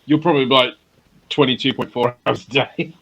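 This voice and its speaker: A man's voice: mid-range voice, fairly even intonation, brisk, gravelly, fairly bright tone, a little hiss or hum, rough recording. A man co-hosting a casual podcast chat, teasing and joking and swearing freely. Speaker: podcast co-host.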